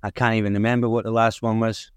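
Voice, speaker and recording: A man's voice: lowish voice, level tone, quick pace, smooth, no echo. Frank man with a broad Edinburgh accent. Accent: Edinburgh Scots. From Edinburgh, Scotland. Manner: broad Scots speech, plain and frank. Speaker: guest filmmaker and rapper. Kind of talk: casual interview chat.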